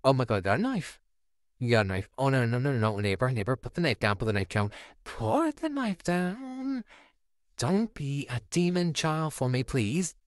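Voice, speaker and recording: This lightly acted, expressive performance moves at a moderate pace with no echo. The performer plays a sarcastic, easily rattled puppet neighbor forced to mind a child, his pitch lurching all over. It's a fan-made audio drama captured on a close, dry home microphone.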